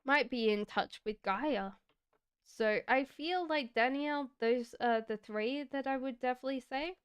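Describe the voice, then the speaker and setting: A woman doing a live-stream tarot reading, talking in a slow, reflective, chatty way and giggling now and then. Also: high-pitched, smooth, no room sound. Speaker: tarot reader.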